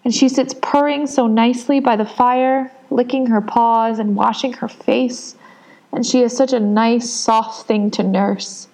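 A woman's voice: on the high side, fairly even intonation, a little slow, darkish tone, poor audio. A woman voicing a polite, chatty young girl in a storybook reading. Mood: soothing. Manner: soothing, eager.

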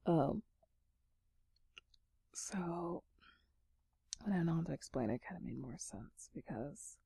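A woman hosting a podcast in a sleepy, breathy whispered role-play, rambling casually in a low voice close to the mic. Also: animated, takes it slowly, warm tone, no echo. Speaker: podcast host.

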